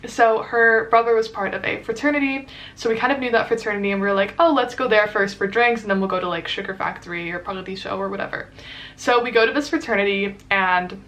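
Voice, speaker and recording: A woman's voice: mid-range voice, a bit bright. A young woman vlogging, telling a dating story in a casual, chatty way with lots of fillers. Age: young adult. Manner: chatty, fast and filler-heavy, acts out quotes.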